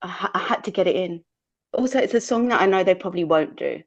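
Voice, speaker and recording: A woman's voice: fairly low pitch, lively intonation, fast talker. Chatty British woman, muffled sound. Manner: chatty, thinks aloud with fillers. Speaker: podcast co-host. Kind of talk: casual chat. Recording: muffled lo-fi audio.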